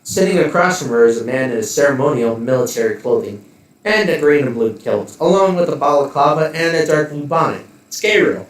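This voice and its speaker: A man's voice: mid-range voice, lively intonation, fairly quick, distant mic. Man narrating a game in a roomy room. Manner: descriptive, with joking asides. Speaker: game master.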